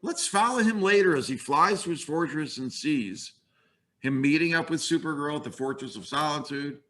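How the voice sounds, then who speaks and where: An older man in his sixties giving a webinar lecture on comics, relaxed and conversational, with wry asides. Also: fairly high pitch, moderate pace.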